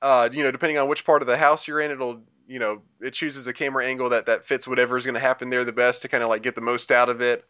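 A man's voice: medium pitch, level tone, fast, few pauses, sharp tone, smooth, highs cut off. A man chatting casually on a podcast, explaining a video game at length in a rambling way with lots of fillers and restarts. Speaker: podcast co-host reviewing a game. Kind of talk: casual chat.

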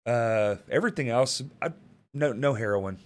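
A man's voice: medium pitch, lively intonation, moderate pace. A man, hosting a casual podcast chat in a laid-back, slangy way that is full of swearing. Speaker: podcast host.

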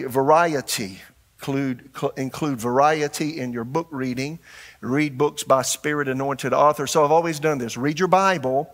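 An older man preaches a sermon as pastor, animated and varying his delivery as he poses questions to the congregation. His voice is medium-pitched with vocal fry.

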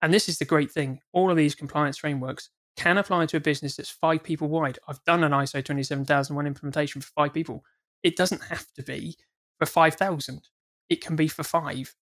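A man's voice: on the high side, fairly bright tone. A man, a former auditor, talking as a guest in a casual podcast discussion, earnest and often repeating his words as he starts sentences.

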